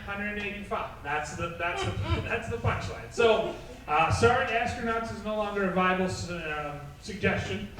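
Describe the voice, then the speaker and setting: A man's voice: high-pitched, expressive, moderate pace. A man hosting a live improv show, chatting and cracking jokes with the audience. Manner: jokey, chatty. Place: brewery taproom stage. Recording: echoey room from far off with crowd noise.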